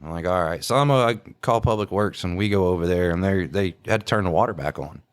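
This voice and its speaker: A deep-voiced man with a clear, resonant tone speaks quickly with no room sound. He's a small-town police officer co-hosting a podcast, telling rambling, profane stories of police work in a casual chat, laughing a lot and mimicking other people's voices.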